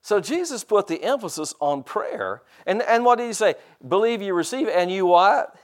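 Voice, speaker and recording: A man's voice: sits high, expressive, moderate pace. A middle-aged man preaching a sermon, stretching out scripture quotes for emphasis and tossing casual asides to the congregation. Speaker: pastor.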